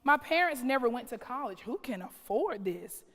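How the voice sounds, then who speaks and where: A woman's voice: on the high side, lively intonation, normal speed, a bit bright. A woman, giving a keynote speech in dramatic strings of rhetorical questions. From North Carolina. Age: late 30s. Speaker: keynote speaker, school principal. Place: large conference hall. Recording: reverberant hall.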